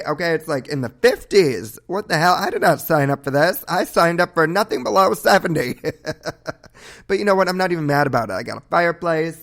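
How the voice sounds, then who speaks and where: A man's voice: fairly high pitch, fairly bright tone. Gushing, whooping male podcast host. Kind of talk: upbeat show sign-off chat.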